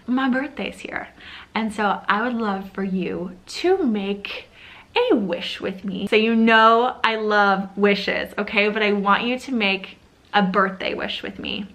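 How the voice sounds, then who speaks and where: A woman's voice: mid-range voice, a bit bright. Earnest woman vlogger, encouraging. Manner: earnest, encouraging, direct to viewer. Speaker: lifestyle vlogger. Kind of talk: motivational vlog talk.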